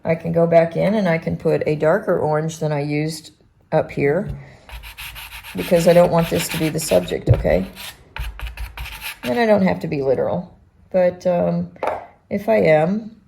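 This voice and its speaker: A woman art teacher thinking aloud as she demonstrates painting, relaxed and halting, with restarts. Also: on the low side, creaky, a little hiss or hum.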